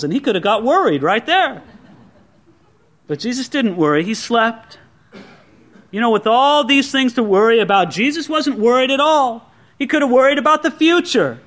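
A pastor preaching a sermon in a conversational way, acting out the quoted speech of others. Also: male voice, extremely high pitch, a bit bright.

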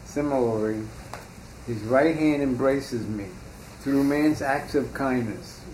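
A man reading a religious text aloud in a class, steady and measured. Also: medium pitch. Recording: roomy echo with faint background hiss.

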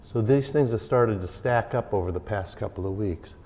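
A man, a pastor, teaches a catechism class conversationally, repeating key phrases for emphasis. His lowish, darkish voice moves at normal speed, and the recording has a little hiss or hum plus a hall's long reverb.

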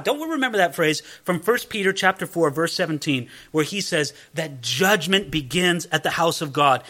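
A man's voice: sits high, pushed and bright. A man teaching a verse-by-verse Bible study, explaining emphatically and putting questions to his listeners.

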